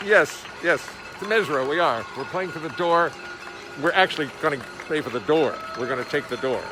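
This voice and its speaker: Sitting by a window in his home studio, a musician chats loosely on his livestream, cracking jokes and calling out viewers by name. He talks a little fast in a slightly high voice while music plays in the background.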